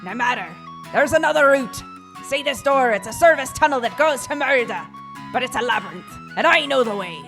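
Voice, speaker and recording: Woman doing a male bard with a put-on brogue, bouncy lively pitch, fairly high, faint music behind. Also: moderate pace, hardly any pauses. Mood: breezy. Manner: attempted Scottish-style brogue. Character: cheerful male bard guide, scrappy.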